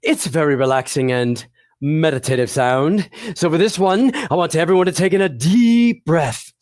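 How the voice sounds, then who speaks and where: A slightly mellow, medium-pitched voice at moderate pace, recorded without echo, belongs to a performer running an educational program for children. It's playful and encouraging, with plenty of laughter and questions aimed right at the audience.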